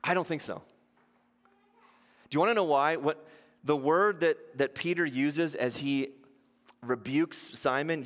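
High-voiced preacher in a reverberant hall. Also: male voice, takes it slowly, pauses often, a bit bright. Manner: rhetorical questions, acts out quotes in shifting voices. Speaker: pastor. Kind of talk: sermon.

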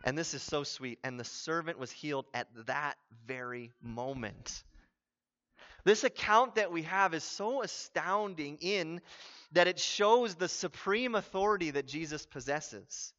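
A man preaching a sermon as a pastor, animated and building to emphatic exclamations. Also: fairly high pitch, a little slow, lo-fi sound.

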